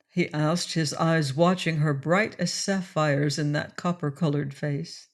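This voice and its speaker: A woman narrating an audiobook of a classic adventure novel in a steady storytelling read. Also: low voice, measured pace. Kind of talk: scripted narration.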